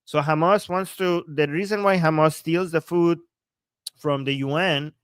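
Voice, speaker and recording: A man from Iran, hosting a live-streamed political commentary, reading chat aloud with a sarcastic, animated manner and frequent laughs. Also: fairly high pitch, a little slow, clear, resonant tone, dry recording. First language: Persian. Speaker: political commentator and livestream host.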